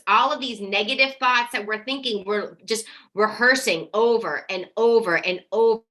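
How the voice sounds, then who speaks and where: A woman hosting a live online coaching workshop, energetic and encouraging as she reads out viewer comments and affirms each one. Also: mid-range voice, normal speed, few pauses. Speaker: workshop host.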